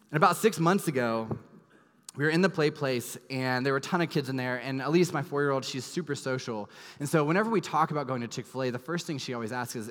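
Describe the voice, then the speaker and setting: A man in his thirties, a pastor preaching a sermon, earnest and emphatic, dropping to soft low tones at tender moments. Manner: earnest, emphatic storytelling with sudden soft drops. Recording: long hall reverb.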